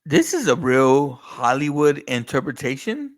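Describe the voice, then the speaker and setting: Slow-talking profane man chatting movies. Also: medium pitch, sing-song. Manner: profane, laughs often, loose rambling. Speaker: podcast co-host. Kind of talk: casual movie chat.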